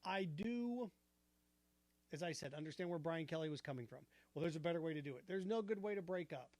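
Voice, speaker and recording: Sports talk host, male, high-pitched, punchy and argumentative, close dry mic. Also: brisk, no echo. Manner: animated, argumentative, rhetorical questions. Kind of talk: opinionated sports commentary.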